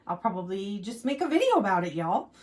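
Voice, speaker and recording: A woman's voice: mid-range voice, huge pitch swings, normal speed, darkish tone. A woman hosting a casual gardening vlog, chatting upbeat about her seedlings indoors, with lots of "um" and "like". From United States. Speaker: gardening channel host. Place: indoors at a window plant rack.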